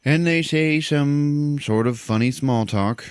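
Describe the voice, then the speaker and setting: A man hosting a podcast, retelling a film scene by scene in a casual, animated way, swearing and laughing often. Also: fairly high pitch, takes it slowly, dry recording, clean studio sound. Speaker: podcast host. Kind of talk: casual movie recap chat.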